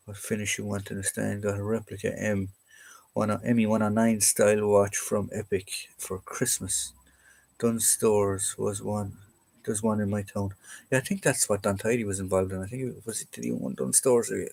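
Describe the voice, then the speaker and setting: Reading out chat questions on his laid-back militaria livestream, a young Irish host rambles, jokes and responds to viewers aloud. He speaks in a creaky voice on the low side.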